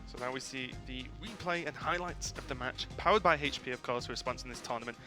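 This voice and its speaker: A man calls a live esports match in quick, chatty play-by-play, dropping fillers between points. Clear background music plays under him at the tournament venue. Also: medium pitch. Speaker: esports caster.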